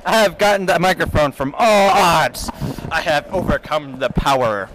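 A man's voice: a little high, moderate pace, noisy background. A teenage boy hosting a goofy casual chat with friends, using a playful mock-announcer delivery and a handheld mic outdoors. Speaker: host. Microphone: handheld mic passed around.

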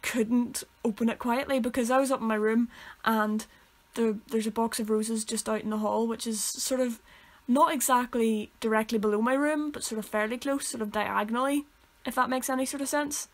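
A young Northern Irish woman co-hosts a casual podcast, telling rambling stories and correcting herself as she goes. Her voice is fairly high with fairly even intonation, and she talks at a moderate pace with hardly any pauses.

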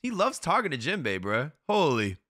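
A young man doing live reaction commentary on an anime, excitable and profane, shouting at the screen. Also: a little high, normal speed.

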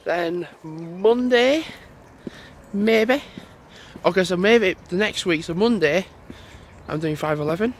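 Slow-talking man, higher voice, rambling walk-and-talk vlogger, wind and road traffic behind. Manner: rambling, thinking aloud. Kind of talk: casual walking vlog chat. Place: outdoors on a lane by a busy road. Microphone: handheld camera while walking. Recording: wind and traffic noise outdoors.

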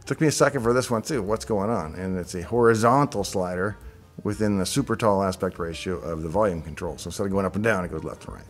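Low-voiced middle-aged man musing aloud. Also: fast, faint music behind. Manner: musing, chatty, thinks aloud with asides. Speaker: show host reviewing software designs. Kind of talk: casual screen-reaction commentary.

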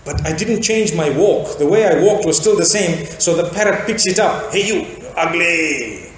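Male preacher, 40s, from Zimbabwe; lively storytelling lecture, high pitch, heavy hall echo. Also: normal speed. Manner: animated storytelling with rhetorical questions. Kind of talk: sermon lecture.

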